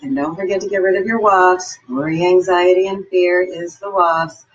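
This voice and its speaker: A woman's voice: on the low side, fairly even intonation, normal speed, slightly rough, lo-fi sound. A woman giving an upbeat, encouraging motivational talk and telling personal stories. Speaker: motivational speaker.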